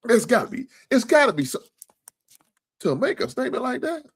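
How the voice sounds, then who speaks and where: A man's voice: very high-pitched, big pitch swings, fairly quick, creaky, breathy edge. A man hosting a casual sports talk livestream, joking, swearing freely and thanking viewers for donations. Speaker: sports talk show host.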